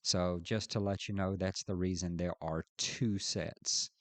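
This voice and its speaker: Man, Bible teacher, slow deliberate delivery, dry close sound. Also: low voice, steady tone, no room sound. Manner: slow, deliberate, reads scripture aloud with emphasis. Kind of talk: scripture study lesson.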